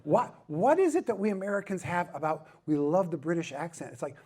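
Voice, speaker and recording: A man's voice: on the high side, expressive, brisk, warm tone. A middle-aged man speaking at a ministry conference, with a self-deprecating, joking manner and emphatic repetition. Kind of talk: humorous conference talk.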